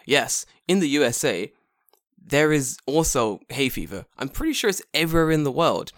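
A man's voice: medium pitch, normal speed. A man co-hosting a casual comedy chat, swearing freely and telling stories with lots of laughter. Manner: laughs often, swears, animated storytelling. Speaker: podcast co-host.

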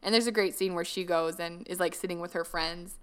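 A woman's voice: fairly low pitch, steady tone, fairly quick, smooth. A woman co-hosting a podcast, chatting casually about a movie with lots of "like" fillers. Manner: chatty, many "like" fillers, acts out quotes. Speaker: podcast co-host. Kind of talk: casual chat recapping a movie.

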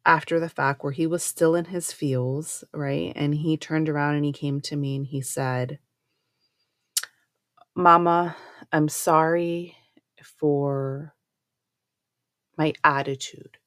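Low-voiced woman telling a personal story. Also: unhurried, darkish tone, dry recording, clean studio sound. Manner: conversational, repeats "right?" and "I said". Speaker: podcast host, homeschooling parent.

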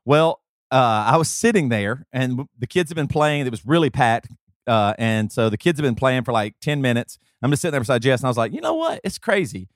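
A man's voice: mid-range voice, fairly quick, no echo, studio quality. A man in his thirties co-hosting a podcast, talking casually with many fillers and restarts. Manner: rambling, talkative storyteller with many fillers. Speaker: podcast co-host. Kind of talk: casual chat and host-read ad.

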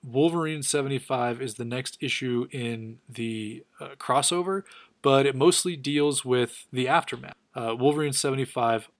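A man giving a casual, enthusiastic comic book recap, quick and full of fillers. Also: mid-range voice, dry recording. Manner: rapid, filler-heavy, enthusiastic.

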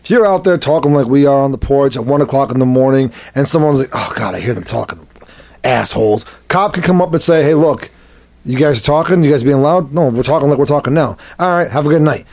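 A man telling a story in casual chat, animated and laughing often as he acts out what people said. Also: a little high, quick pace. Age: adult, has a son. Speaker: podcast co-host telling a story.

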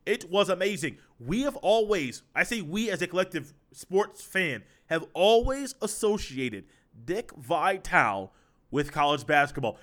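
Man, solo sports podcast host, head cold, conversational and rambling, a little high-pitched. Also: very animated, normal speed, a bit bright. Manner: conversational, rambling with repeated phrases.

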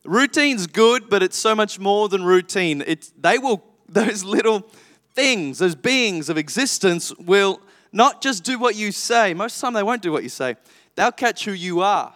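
A man in his thirties preaching a sermon, telling stories in a lively, frank and self-deprecating way. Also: high-pitched, measured pace. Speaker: pastor. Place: church auditorium. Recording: long reverb of a church hall.

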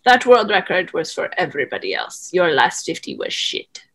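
A woman's voice: on the low side, normal speed. Chatty woman telling a story. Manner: animated, rambling, frequent "like" fillers. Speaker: interview guest, former swimmer. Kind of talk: casual storytelling in conversation.

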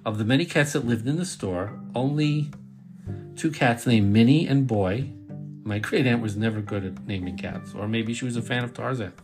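A middle-aged podcast host from Brooklyn, New York, tells a personal story in a casual, wry way, swearing now and then. His mid-range voice moves at a moderate pace over guitar music.

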